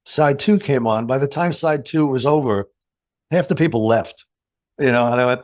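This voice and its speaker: An older man, a guitarist, telling studio anecdotes in an interview, animated and acting out quoted voices in a higher pitch. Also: moderate pace. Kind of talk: storytelling in an interview.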